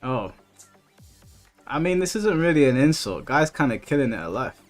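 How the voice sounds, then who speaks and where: A man's voice: mid-range voice, very animated, moderate pace. A man in his thirties casually chatting on a gaming stream, reading chat aloud and often repeating himself as he talks. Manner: laid-back, reads chat aloud, stumbles and repeats words. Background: game music.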